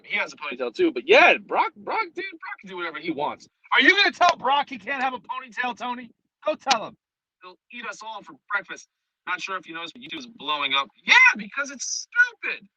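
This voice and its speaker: A man's voice: high voice, low-quality recording. A man with a New York accent hosting a casual live stream, rambling and swearing as he jumps between topics. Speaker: streamer host.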